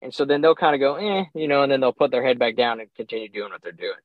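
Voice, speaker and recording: A young man, a podcast guest, telling a hunting story in a casual, animated way, acting out his own reactions and chuckling often. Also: mid-range voice, racing, no echo. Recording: slightly dull, dry sound.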